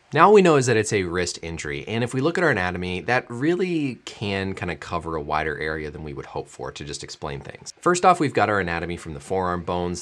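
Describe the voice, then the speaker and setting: A man who is a doctor, hosting a video and walking through a sports injury in a clear, enthusiastic explaining manner. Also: low voice, a bit bright.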